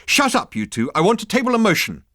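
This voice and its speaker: A strident young marketing woman, put on by a male narrator, lecturing and insisting with a shrill, lively voice. She sounds bossy and loud. It is a dry, close audiobook reading. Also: fast, no room sound.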